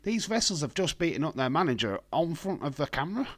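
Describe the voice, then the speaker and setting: A man with a hoarse voice, hosting a casual live stream from home and talking in a blunt, rambling way. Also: a little high, sing-song, quick pace. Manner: blunt, rambling, profane, reads chat aloud.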